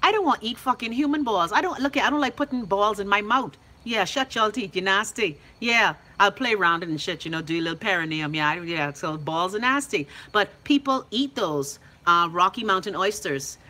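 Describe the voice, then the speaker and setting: A woman's voice: mid-range voice, lively intonation, brisk, few pauses, bright, forceful tone. A brash, profane young Bahamian woman hosting a live call-in show, reading viewer comments and teasing them by name. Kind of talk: loud casual livestream chat reading viewer comments.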